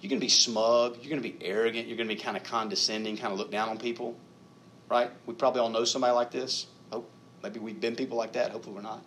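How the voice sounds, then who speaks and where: A middle-aged man preaching a sermon in a conversational, self-deprecating way, laughing at himself and rising to loud emphatic peaks. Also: medium pitch, steady tone, fast, slight background noise. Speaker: pastor.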